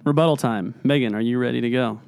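A moderator running a casual podcast debate with brisk, playful timing. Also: mid-range voice, creaky, darkish tone, clear, resonant tone.

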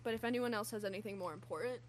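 A woman co-hosting a casual podcast chat about a horror film, talking in quick bursts with many restarts and easy laughter. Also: medium pitch. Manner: chatty, lots of fillers and restarts, laughs easily. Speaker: podcast co-host.

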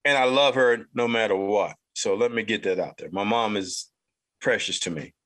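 A man's voice: lowish voice, moderate pace, a bit bright. A man in his fifties, originally from North Carolina, hosting a podcast and telling a rambling, repetitive personal anecdote. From North Carolina, United States. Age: 50s. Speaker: podcast host. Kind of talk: casual storytelling monologue.

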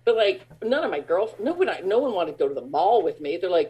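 A woman's voice: expressive, fast talker, few pauses, breathy edge. Chatty woman rambling through stories. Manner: rambling, lots of fillers, laughs at her own stories; bright high tones when acting out fans. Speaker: guest. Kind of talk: casual interview chat.

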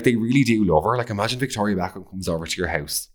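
An Irish man with a low voice hosts a pop-culture podcast. He talks in a camp, gossipy way, swears freely and gushes over celebrities. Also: fast, few pauses. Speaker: podcast host. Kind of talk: casual pop-culture chat.

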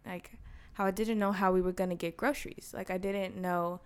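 A woman's voice: lowish voice, fairly quick, smooth. Young woman, co-host, chatty storyteller who laughs often. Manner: storytelling, laughs often, lively quoted voices. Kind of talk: casual chat.

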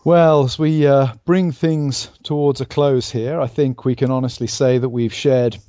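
A man co-hosts a podcast discussion with a dark, mellow voice and a measured, wry delivery. The audio is dull and lo-fi, recorded in a dry, dead space. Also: mid-range voice, steady tone, no echo. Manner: dry, self-deprecating, measured. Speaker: co-host.

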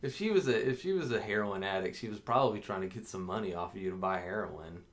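A man's voice: fairly low pitch, fast. A man co-hosting a podcast, telling a story in casual chat and often laughing as he talks. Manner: animated, laughs often while telling stories. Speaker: podcast co-host.

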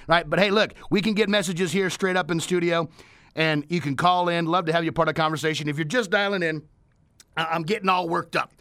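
A man hosting a talk radio show, delivering an energetic, repetitive motivational monologue from the studio. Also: a little high, fairly quick, no room sound. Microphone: studio microphone.

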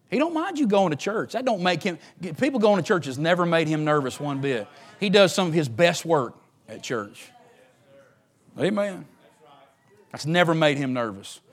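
Preacher guy, fiery sermon, voice jumps all over. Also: on the high side. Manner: fervent, swings between hushed and loud. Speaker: pastor.

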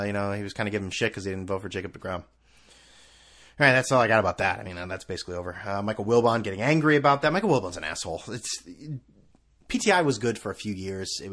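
A man's voice: mid-range voice, a bit bright. A man hosting a solo sports podcast, rambling and sarcastic, swearing freely as he jumps between topics. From US East Coast. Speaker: podcast host.

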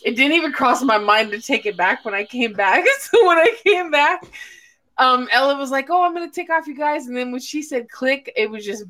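A woman's voice: high-pitched, expressive, moderate pace, sharp tone. A woman hosting a casual livestream chat with friends, talking freely, swearing and laughing often. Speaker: podcast host.

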